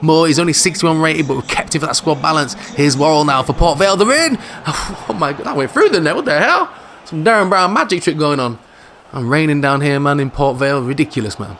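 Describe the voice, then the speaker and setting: A man's voice: on the high side, a little fast, slight background noise. A man giving casual, jokey commentary over his own football video game. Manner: animated, jokey, football banter. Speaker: gaming video host.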